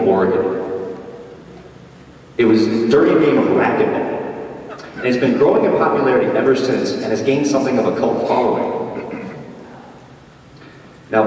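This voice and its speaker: A man giving a playful comic speech at a job club, telling a story with animated timing in a large meeting hall. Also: lowish voice. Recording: distant echoey hall, faint noise.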